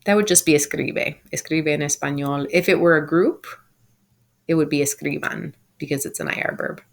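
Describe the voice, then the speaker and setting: Woman teacher w a low voice, recorded lesson at home, patient, says examples slow n clear. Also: fairly even intonation. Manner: clear, patient explaining with slow modelled phrases. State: home sick. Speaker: Spanish teacher.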